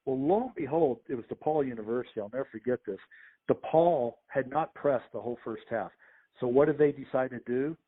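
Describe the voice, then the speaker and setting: A man's voice: mid-range voice, a little fast, breathy edge. Middle-aged man telling stories over a tinny phone line. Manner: lively anecdotes, acts out the voices of others. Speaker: sports official, podcast guest. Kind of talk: conversational storytelling interview.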